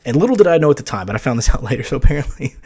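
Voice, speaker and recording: A young man hosting a podcast, telling a story in a casual, animated way and acting out the quoted lines with big jumps in his voice. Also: medium pitch, racing, breathy edge. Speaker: podcast host.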